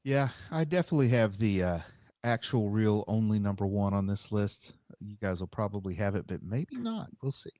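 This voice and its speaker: A man's voice: on the low side, sing-song, moderate pace, a little mellow, dry recording. A man co-hosting a movie podcast, dropping dry quips in casual chat. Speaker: podcast co-host.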